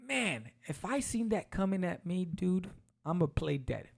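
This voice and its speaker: A man hosting a podcast, walking casually through a comic book and acting out its quotes in quick voices. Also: sits high, very animated, vocal fry. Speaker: podcast host.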